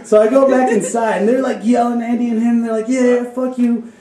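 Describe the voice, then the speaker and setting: A man's voice: extremely high pitch, level tone, fast, dark tone. A young man from Chicago telling a story at a live story slam, rambling and profane, laughing as he goes. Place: live venue with an audience. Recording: roomy live recording from far off.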